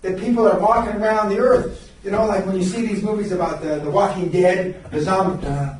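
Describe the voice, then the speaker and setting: A man's voice: high voice, fairly even intonation, a little fast, a little hiss or hum. An older man giving a seminar, telling rambling stories in a blunt, profane way. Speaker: seminar speaker and mentor. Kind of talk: seminar lecture. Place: seminar room. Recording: echoey room from far off.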